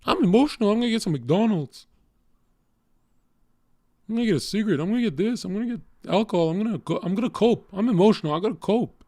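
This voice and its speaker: A man putting on the voice of a whiny, emotional man, mocking him with a squeaky whine. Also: expressive, fast, dark tone, no echo, clean studio sound. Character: whiny emotional man coping with junk food.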